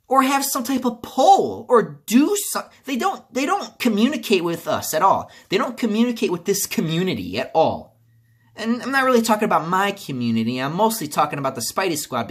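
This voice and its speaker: Animated man ranting angrily about a game. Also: high-pitched, breathy edge. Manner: angry, profane, repetitive ranting. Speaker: gaming video creator. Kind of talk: video game commentary rant.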